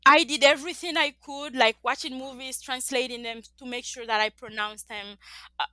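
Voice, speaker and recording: A middle-aged woman from the Dominican Republic, a native Spanish speaker with a Spanish accent, is an interview guest who speaks earnestly and reflectively and laughs often. Her voice is high-pitched with a steady tone, pushed and bright, at a moderate pace, with no room sound.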